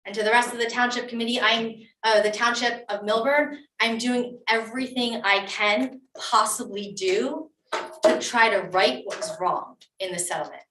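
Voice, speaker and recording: A woman's voice: on the high side, steady tone, moderate pace, sharp tone, a little hiss or hum. Insistent woman at a town meeting. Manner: emotional, insistent, with many restarts. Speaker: township committee member. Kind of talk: speaking at a public council meeting. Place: municipal meeting room. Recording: echoey room, distant mic.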